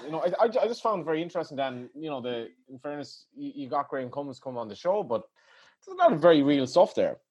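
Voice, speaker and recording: A man's voice: on the high side, big pitch swings, fast talker, a little mellow, breathy edge, muffled recording. A man co-hosting a sports podcast, reflective and full of fillers. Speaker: podcast co-host. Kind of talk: casual chat.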